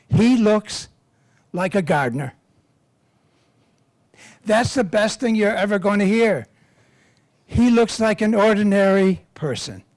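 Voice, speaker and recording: A man's voice: high-pitched, darkish tone, dry recording. An older man, a priest, telling humorous, self-deprecating stories to a live audience in a rambling way. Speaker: priest and campus minister. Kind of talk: storytelling talk to a live audience.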